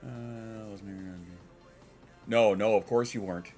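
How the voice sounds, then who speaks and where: A man's voice: lowish voice, fairly even intonation, unhurried, darkish tone, faint music behind. A congested man streaming from home, chatting casually with his viewers and swearing now and then. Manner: rambling, swears, answers chat.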